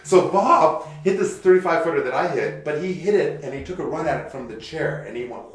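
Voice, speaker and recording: Fast-talking man telling stories. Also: fairly high pitch. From Kamloops, Canada. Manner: animated anecdote teller. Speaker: podcast guest, pro mountain biker. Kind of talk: casual storytelling. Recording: echoey room.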